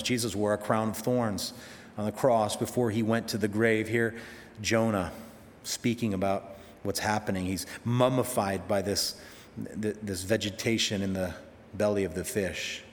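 A man's voice: lowish voice, fairly even intonation, normal speed, big-room sound. A man preaching a sermon, conversational and emphatic, full of rhetorical questions.

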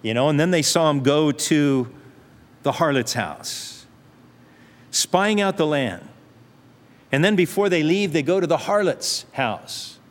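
A man's voice: fairly high pitch, expressive, measured pace, pauses often. A man preaching a sermon in an earnest, conversational way, often restarting his sentences. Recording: long reverb hall.

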